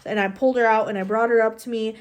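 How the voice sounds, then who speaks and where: A young woman vlogger telling a personal story in a casual, chatty way, animated and full of "like". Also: fairly high pitch, fast. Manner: chatty, animated, heavy use of "like".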